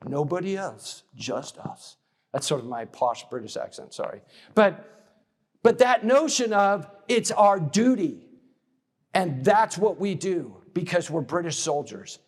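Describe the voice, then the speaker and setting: Male lecturer, fairly high voice, casual conference-talk delivery with frequent "okay?" check-ins. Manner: restarts and repeats words while building a point. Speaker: military studies lecturer and author.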